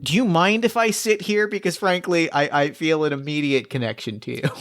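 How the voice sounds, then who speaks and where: A man's voice: on the high side, fairly quick, fairly bright tone. A man voicing a flustered, effusive female celebrity who gushes, apologizes and stammers. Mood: gushing.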